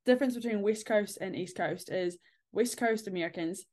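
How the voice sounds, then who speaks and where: A woman hosting a casual interview, animated and laughing, acting out the lines she quotes. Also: mid-range voice, normal speed. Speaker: host.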